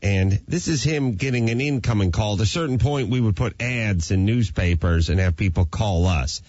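A man hosting a talk show, chatting dryly with filler pauses. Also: fairly low pitch, a little mellow, dry recording, dull audio. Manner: dry, self-mocking, with filler pauses. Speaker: radio host. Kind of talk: casual chat.

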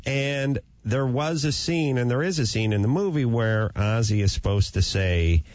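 Lively-voiced male radio host. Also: medium pitch, moderate pace, dry recording, highs cut off. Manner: animated storyteller who slips into voices. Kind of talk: comedic radio talk.

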